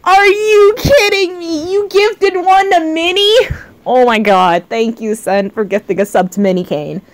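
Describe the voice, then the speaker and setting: A woman streamer chatting live over a game, excitable and shrieking, her voice often cracking. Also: fairly high pitch, unhurried, no echo. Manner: excitable, shrieking, swearing at chat. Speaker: virtual streamer. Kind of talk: live gaming stream chat.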